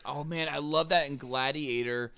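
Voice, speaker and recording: Young male podcast co-host, slightly high, crisp bright tone, jokey and profane. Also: fairly even intonation, moderate pace. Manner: joking, swears freely. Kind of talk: casual chat.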